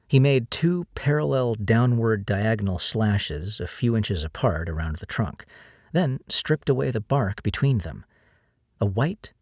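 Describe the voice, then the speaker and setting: A male audiobook narrator with a low voice reads a novel in a steady storytelling manner. The recording is dry and close, with no room sound around him. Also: no room sound. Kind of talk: scripted narration.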